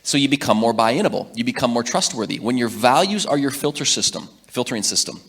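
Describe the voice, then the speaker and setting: A man in his thirties giving a leadership talk, telling animated stories about his young daughters. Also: medium pitch, fast talker, husky. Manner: animated storyteller, acts out his daughters' lines. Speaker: leadership speaker.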